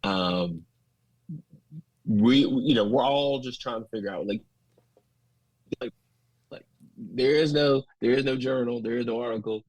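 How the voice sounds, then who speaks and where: A man in his thirties with a Southern US accent, a podcast guest telling folksy, animated stories in casual interview talk. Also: medium pitch, a little slow, pauses often, no echo, rough recording. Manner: folksy, animated, quotes others in lively voices. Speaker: podcast guest, school administrator.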